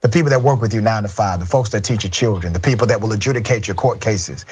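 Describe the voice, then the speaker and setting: A man's voice: fairly low pitch, fast, darkish tone, slightly rough. A man giving emphatic news commentary.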